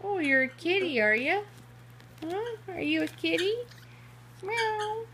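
A woman's voice: very high voice, expressive, normal speed, pushed and bright, a little hiss or hum. A woman at home talking to her pets in playful, teasing baby talk. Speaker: pet owner.

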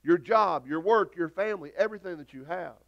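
A middle-aged man preaches to his congregation, his voice pitched a little high. He talks in a folksy, rambling way, circling back and restarting his sentences as he tells his stories. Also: brisk, gravelly, dull audio. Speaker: pastor. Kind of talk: sermon. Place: church sanctuary.

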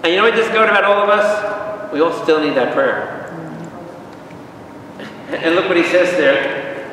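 A man teaching a Bible study as a priest, lively and questioning the audience, acting out little dialogues. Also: fairly high pitch, normal speed. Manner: animated, asks the audience questions and acts out dialogues. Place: large hall with an audience. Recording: echoey hall, far from the mic, faint room noise.

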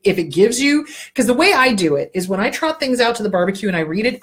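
A middle-aged woman, a therapist hosting a talk show, giving blunt, animated advice with lots of swearing. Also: medium pitch. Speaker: therapist host.

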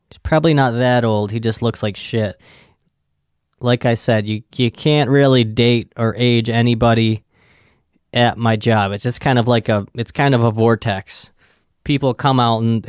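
A man's voice: medium pitch, darkish tone, smooth, no room sound, clean studio sound. A young man hosting a podcast, telling a rambling story from work, swearing often and trailing off with ums. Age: young adult. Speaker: podcast host. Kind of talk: casual storytelling.

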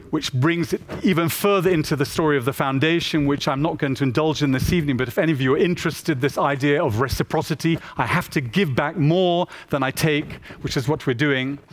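A man gives a lively storytelling talk and slips into voices for the people he quotes. His voice sits a little higher than most men's. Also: normal speed, slight background noise. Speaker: photographer giving a talk.

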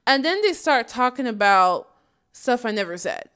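A woman's voice: a little high, big pitch swings, normal speed, a bit bright, clean tone. A woman hosting a casual commentary video, chatting in a sassy way and laughing often. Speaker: YouTube commentary host. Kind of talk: casual chat.

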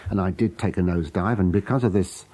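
A man's voice: low-pitched, fast talker, dark tone. A man answering questions in an archival radio interview, stammering and correcting himself emphatically.

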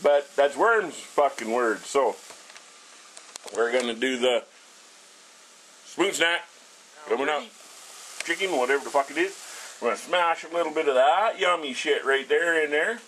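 A man's voice: a little high, a little slow, long pauses, fairly bright tone, a little hiss or hum. A middle-aged man rambling and swearing nonstop while he shows off his small house and cooks. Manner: blunt, swears constantly, rambling. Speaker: vlogger. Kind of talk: casual profane ranting vlog.

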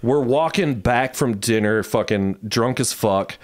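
A man hosting a podcast, telling a long story in loose, profane casual chat full of fillers, his voice jumping up high when he quotes people. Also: measured pace. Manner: jumps high in pitch when quoting others. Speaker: podcast host.

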